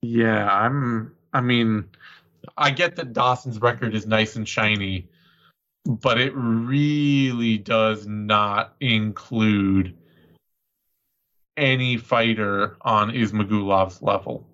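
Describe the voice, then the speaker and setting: A man's voice: lowish voice, slow pace, a bit bright. A man co-hosting a podcast, chatting casually about fights and reading out betting odds. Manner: conversational, runs the betting odds. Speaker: podcast co-host. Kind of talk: casual sports chat. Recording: slightly dull lo-fi audio.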